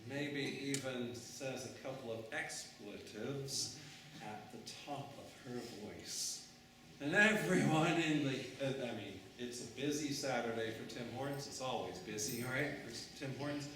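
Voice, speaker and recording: Brief: man preaching, slow and dramatic, in a very echoey room, distant mic. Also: medium pitch, noisy background. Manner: dramatic, unhurried storytelling. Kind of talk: storytelling sermon.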